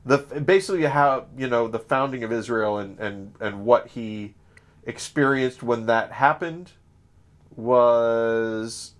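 A man from Southern Illinois co-hosting a podcast in casual chat, rambling with lots of fillers and restarts. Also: mid-range voice. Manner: rambling, many fillers and self-corrections. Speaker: podcast co-host.

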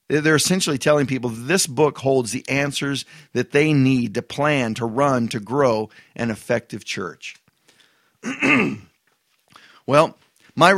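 Halting male pastor, dry close sound. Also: mid-range voice, a bit bright, no echo. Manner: halting, repeats words, emphatic asides. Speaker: pastor reviewing a book. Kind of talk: casual spoken book review.

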